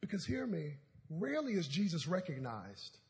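Animated high-voiced male preacher. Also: moderate pace. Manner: animated, comedic storytelling with call-and-response. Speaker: pastor. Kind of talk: sermon. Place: church auditorium.

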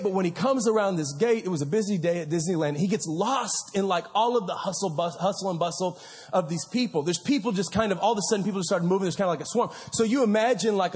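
A man in his thirties gives a casual, storytelling sermon, full of fillers and quick restarts. His voice sits fairly high and a touch husky. It rings out in a large reverberant sanctuary. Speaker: pastor. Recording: reverberant hall.

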